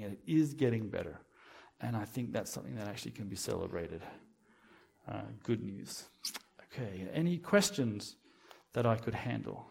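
Man, middle-aged, guest preacher, testimony sermon, mid-pitched voice, animated, loud-then-quiet delivery, frequent "okay?" check-ins. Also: creaky. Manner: animated, swings between loud emphasis and quiet asides, keeps asking "okay?". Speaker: guest speaker.

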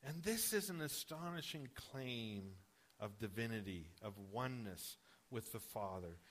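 A man's voice: on the low side, animated, measured pace, a bit bright, slight background noise. A male pastor preaching a sermon in a conversational way, often asking the congregation questions.

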